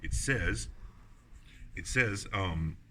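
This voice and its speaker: Teaching the Bible at outdoor ruins, an American man speaks extremely slowly in a low, expressive voice with a bright, forceful tone, using many fillers and restarts. Slight background noise is present, and a distant mic captures clear outdoor ambience.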